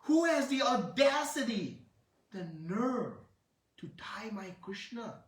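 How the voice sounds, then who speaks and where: A man voicing a fiery, angry young boy god who threatens loudly and scolds his younger brother. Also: very high-pitched, very animated, takes it slowly, pitched above the performer's own voice, exaggerated voice. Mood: furious. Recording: roomy hall, distant mic.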